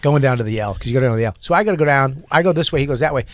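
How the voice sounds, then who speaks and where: A man telling a wild story as a comedy podcast guest, animated, acting out shouted quotes and laughing often. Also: medium pitch, racing, dry recording. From Boston.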